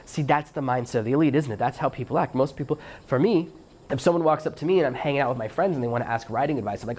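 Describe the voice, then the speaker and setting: A man's voice: mid-range voice, darkish tone, slight background noise. A middle-aged man hosting a solo podcast, giving emphatic coaching advice and acting out little bits of dialogue. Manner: fast-talking, emphatic coaching tone; acts out quoted dialogue. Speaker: podcast host.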